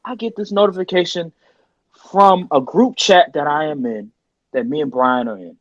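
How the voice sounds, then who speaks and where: A man's voice: fairly high pitch, moderate pace, dry recording, muffled recording. A man hosting a podcast, ranting casually and emphatically and repeating his points. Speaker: podcast host. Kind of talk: casual sports rant.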